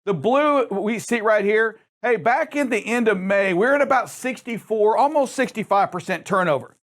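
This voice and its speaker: Man, high voice, trucking show host, emphatic, repeats words, talks to drivers. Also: expressive, moderate pace, fairly bright tone. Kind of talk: trucking safety show talk.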